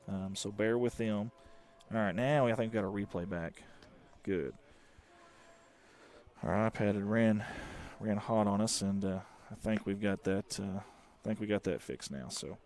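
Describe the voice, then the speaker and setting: Male play-by-play announcer, folksy one-man commentary, excited on the calls. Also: on the low side. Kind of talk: live high school baseball commentary.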